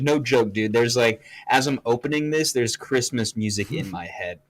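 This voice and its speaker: A young man co-hosting a podcast, telling a story in casual chat with lots of swearing and animated bursts. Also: medium pitch, normal speed, hardly any pauses. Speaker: podcast co-host.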